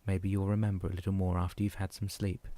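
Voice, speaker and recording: A man voicing a patient female nurse in a soft, calming tone. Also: sits low, quick pace, dry recording, close to an everyday voice. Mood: soothing.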